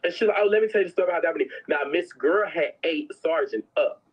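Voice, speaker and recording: A woman's voice: low voice, lively intonation, fast, husky. A woman telling prison stories in a casual, sassy, dramatic way, slipping into other people's voices. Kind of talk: casual storytelling. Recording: dull lo-fi sound.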